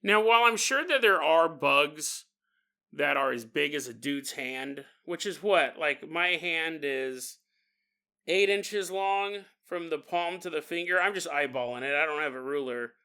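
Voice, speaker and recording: A man's voice: on the high side, unhurried, pushed and bright, clear, resonant tone. A man hosting a podcast, telling a story casually with rambling, joking asides. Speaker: podcast host.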